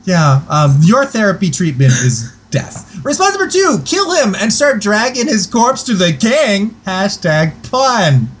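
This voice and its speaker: A man's voice: sits high, very animated, a little hiss or hum. A man hosting a comedy game show on a live stream, reading out prompts and vote results and laughing often. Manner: playful, quick to laugh.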